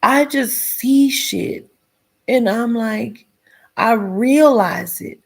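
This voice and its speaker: A woman's voice: a little high, extremely slow, creaky, husky. A woman giving a blunt, profane commentary rant, dropping into whispers for emphasis. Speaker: commentary vlogger.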